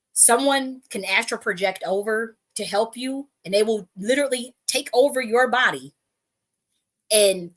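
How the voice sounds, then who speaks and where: A woman who works as a spiritual reader, telling a personal story in a rambling way, swearing freely and often restarting her sentences. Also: medium pitch. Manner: profane, restarts often, breaks into laughs.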